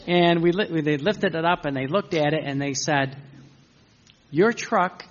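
A man's voice: a little high, a little fast. A man teaching a seated group in an informal spiritual talk, rambling through anecdotes with self-corrections and joking asides. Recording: dull lo-fi recording.

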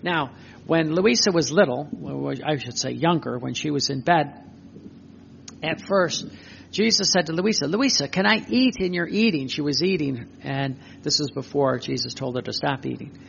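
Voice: medium pitch, normal speed, gravelly, a bit bright, highs cut off, a little hiss or hum. A preacher giving emphatic spoken religious teaching, repeating phrases and asking rhetorical questions.

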